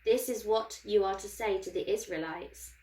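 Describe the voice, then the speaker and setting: A woman voicing God as a calm male deity, speaking slowly and solemnly in a Bible reading for children. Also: mid-range voice, echoey room, pitched below the performer's own voice, natural voice, rough recording. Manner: slow, measured, solemn.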